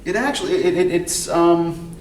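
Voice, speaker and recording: A man's voice: on the high side, normal speed, darkish tone, slight background noise. Echoey far-off male lecturer. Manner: conversational, many fillers and tag questions. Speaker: literature lecturer. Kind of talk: classroom lecture. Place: classroom. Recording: echoey classroom, mic far off.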